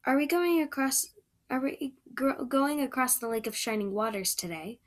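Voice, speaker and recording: A woman's voice: high voice, expressive, moderate pace. A woman voicing a chatty, dreamy eleven-year-old red-haired girl who gushes in romantic chatter. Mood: gushing, dreamy. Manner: breathless, gushing, romantic chatter.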